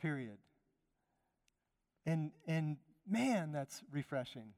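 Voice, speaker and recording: Emphatic pastor from Chicago, reverberant hall. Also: male voice, fairly high pitch, very animated, slow, darkish tone. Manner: emphatic, repeats phrases, chuckles. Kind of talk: conversational sermon.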